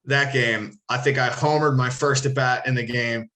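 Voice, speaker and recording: Man from the Philly area, mid-pitch voice, loose and profane, rambles and restarts mid-sentence. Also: steady tone, moderate pace, bright, forceful tone. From Philadelphia area. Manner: rambling, profane, self-correcting. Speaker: podcast co-host, former ballplayer. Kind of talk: casual storytelling.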